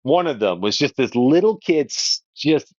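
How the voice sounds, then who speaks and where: Animated man telling a story. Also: medium pitch, moderate pace, dry recording, dull audio. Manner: animated, playful anecdote-telling. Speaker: podcast guest. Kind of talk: casual storytelling.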